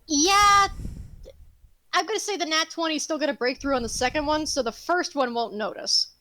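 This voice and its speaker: A woman narrating a tabletop game as game master, animated, laughing and casual. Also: high-pitched, normal speed, poor audio.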